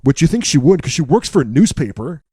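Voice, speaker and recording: A man co-hosting a podcast, recapping a film in a casual, wry, joking way with deadpan asides. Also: on the high side, fast, husky, dry recording, studio quality.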